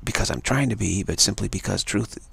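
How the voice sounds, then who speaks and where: A man's voice: lowish voice, fairly quick, gravelly, a bit bright, breathy edge, dry recording. A man giving an earnest spiritual talk on a livestream, emphatic and repeating his key points. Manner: earnest, emphatic, given to repetition. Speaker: spiritual speaker.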